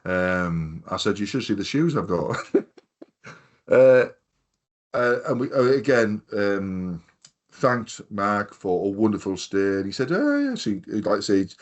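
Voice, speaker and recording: A man with a Hartlepool accent from North East England hosts a casual podcast, speaking unhurriedly in a fairly low voice. He tells long, rambling anecdotes and swears freely.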